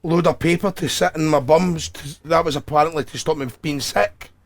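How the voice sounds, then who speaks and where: A Scottish man co-hosting a radio breakfast show in the studio. He jokes and plays along with the guest, in a voice that sits a little high. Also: steady tone, moderate pace. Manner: jokey, playful. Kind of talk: casual radio chat.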